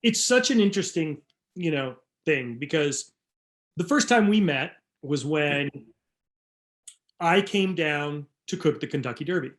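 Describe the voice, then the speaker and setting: Man, podcast host, slightly high voice, casual, conversational, reminiscing. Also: lively intonation, a little slow, fairly bright tone.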